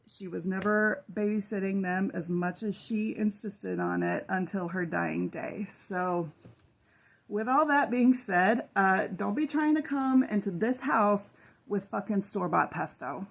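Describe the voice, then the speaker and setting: A woman tells a personal story bluntly and with emphasis, throwing in curses. Her mid-pitched voice has a heavy gravelly fry. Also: measured pace. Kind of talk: casual spoken storytelling.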